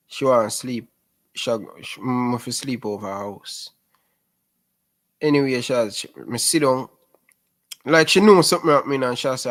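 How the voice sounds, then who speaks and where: A man in his twenties with a Jamaican Patois accent, a guest telling lively stories in a casual interview. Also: mid-range voice, moderate pace, long pauses. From Rema, Jamaica. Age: 20s. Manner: lively storyteller who keeps calling the host "sis".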